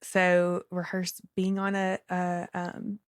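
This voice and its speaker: A woman co-hosting a casual faith podcast, rambling warmly with many fillers and self-deprecating laughs. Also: on the low side, monotone, slow, dry recording, studio quality. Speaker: podcast co-host.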